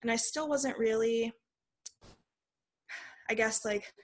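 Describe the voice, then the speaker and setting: A woman's voice: fairly high pitch, slow. A young adult woman, a podcast guest, telling a personal story in a casual way with lots of "like" fillers.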